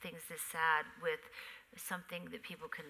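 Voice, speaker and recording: A middle-aged woman, a memoir author on a theater stage, telling animated stories in a live conversation and acting out sounds. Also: sits low, moderate pace, a little hiss or hum, poor audio. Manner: animated storyteller who acts out sounds.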